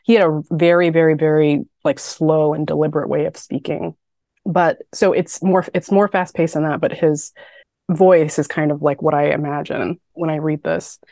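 A woman with a very low voice talks casually about a poem, thinking aloud with lots of "like" and "um." She sounds close and dry on the mic. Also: level tone, normal speed, warm tone, no echo. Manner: chatty, thinks aloud with many fillers. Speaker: podcast co-host. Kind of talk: casual chat about poetry.

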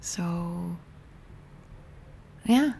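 Soft-spoken woman, half-whispered, gravelly. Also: on the low side, animated, drawn-out words, slight background noise. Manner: gentle, intimate, rambling with many restarts. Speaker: spiritual healing teacher. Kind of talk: soft, partly whispered reflective talk to viewers.

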